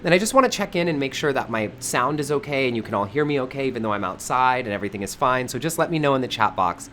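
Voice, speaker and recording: A man's voice: mid-range voice, expressive, fast talker, sharp tone. Enthusiastic man hosting a live session. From California Bay Area. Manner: enthusiastic, effusive, greets viewers by name. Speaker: host of a live online spiritual session. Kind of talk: live-streamed welcome and teaching. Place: outdoors in front of a high-up window. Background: faint outdoor noise.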